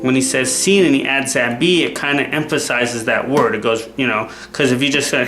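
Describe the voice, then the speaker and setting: A man teaching guitar in a relaxed, chatty way, often stopping to ask "okay?". His voice sits in a roomy space. Loud guitar playing rings out around his explanations. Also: mid-range voice, normal speed, few pauses. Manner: relaxed, repeats "okay?" to check in. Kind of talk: casual instructional talk.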